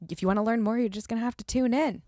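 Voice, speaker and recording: A woman's voice: a little high, very fast, mellow, no echo, clean studio sound. A woman co-hosting a podcast in a casual, upbeat and playful chat. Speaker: podcast co-host.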